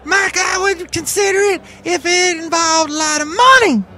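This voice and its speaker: A man voicing a loud, folksy rodeo queen woman in a high, shrill falsetto with a twangy cowgirl way of talking. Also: moderate pace, exaggerated voice. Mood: chipper.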